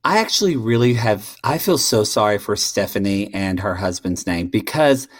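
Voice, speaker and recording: Blunt, profane male co-host, swinging pitch, dry close-mic sound. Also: animated, moderate pace, no echo. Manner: blunt and profane, dramatic outbursts. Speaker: podcast co-host. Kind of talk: casual podcast chat.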